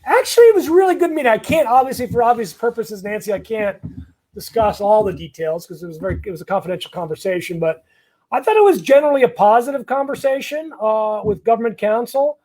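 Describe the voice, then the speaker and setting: Man, high voice, lawyer answering viewer questions live, blunt and chatty, lots of ums and restarts. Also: animated, fast talker, a little mellow. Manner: blunt, conversational, many fillers and restarts. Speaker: immigration lawyer.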